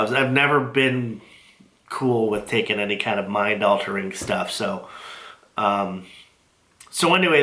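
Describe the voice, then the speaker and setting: A man recording a casual personal video diary, halting and heartfelt, with many fillers and restarts. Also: on the low side, bright, forceful tone, echoey room. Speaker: vlogger sharing his cancer treatment. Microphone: built-in device mic after lapel mic failed.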